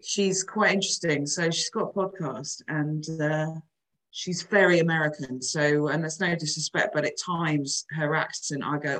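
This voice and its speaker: Low-voiced woman in her forties; candid, chatty coach. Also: moderate pace, poor audio. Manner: chatty, frank, lively storytelling. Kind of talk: casual podcast chat.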